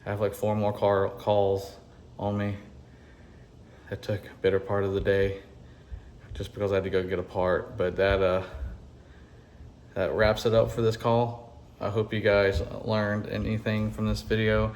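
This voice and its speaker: A plain-spoken man with a Southern US accent and a fairly low voice, chatting casually to viewers about his job. The recording has clear background noise from the worksite around him. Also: flat delivery, measured pace, pauses often, a little mellow. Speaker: HVAC technician.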